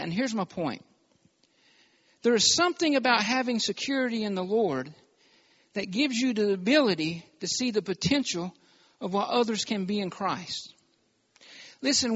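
High-pitched pastor guy preaching hard, asks for amens, muffled lo-fi sound. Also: fairly bright tone. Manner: emphatic preaching with call-and-response amens. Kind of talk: sermon.

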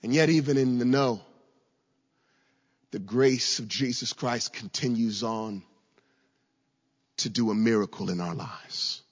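A man's voice: medium pitch, a little slow, pauses often, breathy edge. A man from Virginia preaching a sermon, telling a story with stammered repeats and sudden raised passages. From Virginia, USA. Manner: storytelling, with frequent stammered repeats and rising shouts. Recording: echoey hall, dull lo-fi sound.

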